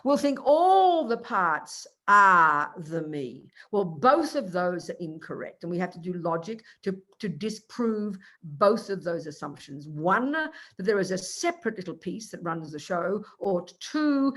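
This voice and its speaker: An older woman gives a Buddhist teaching in an emphatic, animated way. She argues point by point and slips into quick acted-out exchanges to make her case. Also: lowish voice. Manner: animated, emphatic, acts out little dialogues. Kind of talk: dharma teaching.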